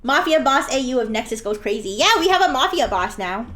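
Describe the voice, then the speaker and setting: A woman with a high, sing-song, rather quick and slightly bright voice chats playfully with viewers during a live drawing stream. She giggles a lot and sometimes plays a bratty daughter as a joke.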